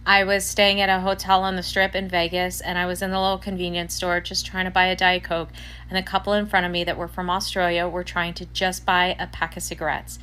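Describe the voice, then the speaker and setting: An American woman telling a funny anecdote to camera in an animated, incredulous way. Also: fairly low pitch, fairly quick, clear, resonant tone. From United States. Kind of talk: casual storytelling to camera.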